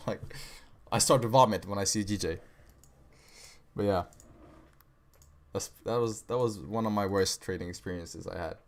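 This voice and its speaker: A young man with a low-pitched voice hosts a live trading stream. He chats loosely with viewers, peppering his talk with "bro" and "right" and the odd swear. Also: moderate pace, long pauses. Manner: casual slangy talk, says bro and right a lot, swears. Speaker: livestream trading host. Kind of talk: casual livestream chat reading viewer questions.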